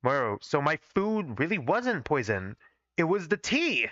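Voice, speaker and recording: A man reads his old fan fiction aloud on a live stream, pitch rising and falling in lively swings as he stops to pick apart his own writing. His voice sits a little high for a man and lands dry and close on a dull-sounding mic. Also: measured pace, no room sound. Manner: self-critical, swears casually, reads every part himself. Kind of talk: live-stream reading with commentary.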